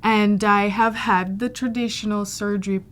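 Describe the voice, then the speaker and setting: A woman speaks in a candid patient-testimonial interview. She talks frankly and matter-of-factly, even about very personal things. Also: medium pitch, normal speed.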